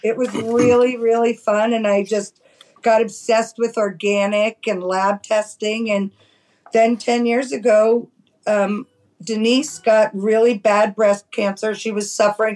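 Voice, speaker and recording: Woman, middle-aged, from New York City, chatty podcast guest, lively storytelling, slightly high voice. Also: unhurried, poor audio. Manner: chatty, animated, lots of "like". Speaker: guest, cannabis farmer. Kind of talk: casual storytelling.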